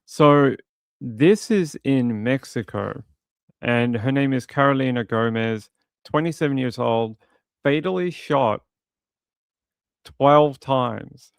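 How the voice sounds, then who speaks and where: A man casually commenting on a crime video, with animated, mocking retellings of what people said. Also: mid-range voice, slow pace, vocal fry, long pauses, clean tone, no echo.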